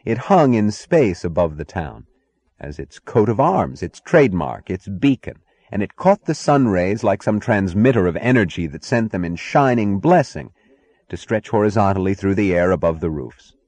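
A man narrates an audiobook in a deep, low-pitched voice. His reading is measured and expressive, and the recording is dry and close with no room sound. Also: no echo. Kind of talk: scripted narration.

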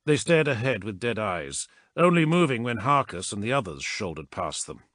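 In a studio-quality, dry recording, a low-voiced man narrates an audiobook from a script, keeping his delivery even and measured.

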